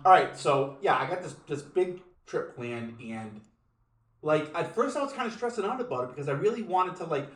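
Man, podcast host, casual chat, jokey, swears, lively pitch, echoey room.

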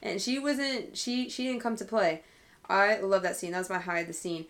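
A woman's voice: medium pitch, a little fast, a bit bright. A woman co-hosting a book podcast, chatting with enthusiasm, laughing easily and reading passages aloud. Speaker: podcast co-host. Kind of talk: casual book-club chat.

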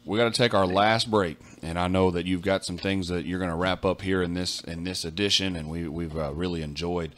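A man hosting a Christian radio show, chatting casually and filling pauses with "uh". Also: low voice, fairly even intonation, fairly bright tone. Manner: friendly, fills with uh.

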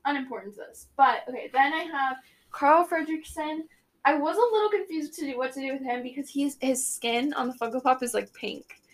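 A woman's voice: high voice, fairly quick. A young woman co-hosting a podcast, chatting casually and rambling with lots of restarts and giggles. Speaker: podcast co-host. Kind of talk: casual chat.

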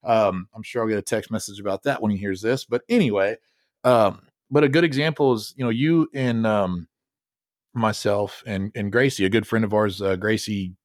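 A man's voice: lowish voice, moderate pace, no room sound, clean studio sound. A man hosting a podcast, talking in a laid-back, rambling way and joking with his co-host. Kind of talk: casual podcast chat.

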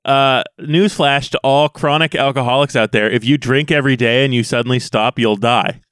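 An American man co-hosts a casual podcast, telling stories and joking and laughing often. His mid-range, slightly bright voice moves at a moderate pace, and the recording is clean and studio quality, with no room sound.

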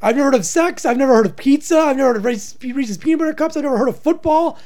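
Sarcastic podcast co-host with lively voice. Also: high voice, very fast. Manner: sarcastic, riffing, profane. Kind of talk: crude casual banter.

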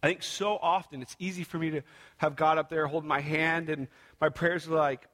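Young male pastor, bright tenor, candid heartfelt preaching in a big reverberant church hall. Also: on the high side, steady tone, a little fast. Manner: candid, earnest, self-deprecating preaching with acted-out prayers. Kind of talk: sermon.

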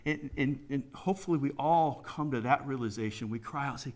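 A man's voice: medium pitch, a little fast, few pauses, darkish tone. A middle-aged man preaching a conversational sermon, folksy and emphatic, often putting questions to the congregation.

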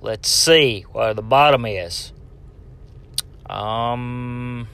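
A man's voice: medium pitch, drawn-out words, gravelly, a bit bright, slight background noise. A man from Tennessee, hosting a casual solo podcast in a rambling, joking way and talking straight to the listener. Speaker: podcast host.

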